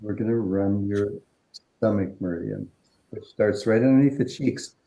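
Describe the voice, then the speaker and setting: Mellow-voiced man guiding a healing demo. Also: on the low side, moderate pace, vocal fry. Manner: calm, instructive, guiding through steps. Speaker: workshop presenter. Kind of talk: energy-healing workshop demonstration. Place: indoor event room.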